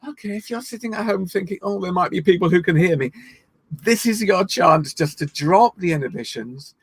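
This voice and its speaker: A man leading an online laughter yoga session, playful and encouraging, breaking into laughs and shouts. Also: high-pitched, expressive, a little fast, husky, dry recording. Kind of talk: guided online laughter exercise. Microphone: video call.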